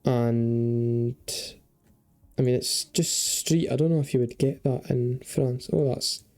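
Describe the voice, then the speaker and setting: A man's voice: mid-range voice, fairly even intonation, slow pace, a little mellow, soft background music. A young man giving chatty, casual commentary while playing a geography game, thinking aloud and swearing and joking freely. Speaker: gaming video creator.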